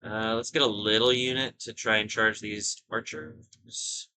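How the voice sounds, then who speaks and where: Low, bright-voiced man thinking aloud. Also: fairly even intonation, measured pace, a little hiss or hum, rough recording. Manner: thinking aloud, rambling asides. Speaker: gaming video host. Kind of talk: casual gameplay commentary.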